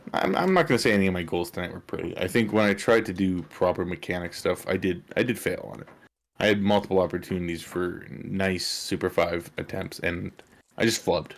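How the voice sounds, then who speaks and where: A man being interviewed as a player in a casual online chat, rambling with many fillers and restarts. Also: low-pitched. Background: chewing on ice.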